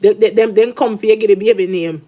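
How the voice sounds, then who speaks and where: A woman's voice: medium pitch, quick pace, dark tone. A middle-aged Jamaican woman ranting and scolding in heavy patois, talking casually to her viewers.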